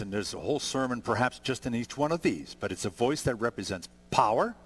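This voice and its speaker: A man in his sixties preaching a sermon, conversational and gentle, building to emphatic peaks. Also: on the low side. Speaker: pastor.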